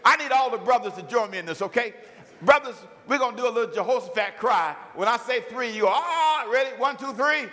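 Male preacher, high and bright, lively storytelling sermon in a reverberant hall. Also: a little fast. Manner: animated storytelling, acts out biblical characters.

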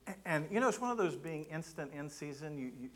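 A middle-aged man giving a sermon, telling a personal story in an animated way and acting out his own thoughts. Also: fairly high pitch, a little fast, noisy background. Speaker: guest preacher.

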